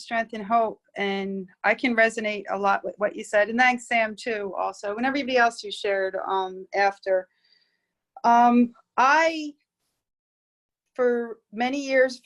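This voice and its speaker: Earnest woman from Philadelphia, slightly high. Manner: earnest, animated, jumps high in pitch when exclaiming. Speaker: recovery meeting member. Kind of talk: personal sharing at an online recovery meeting.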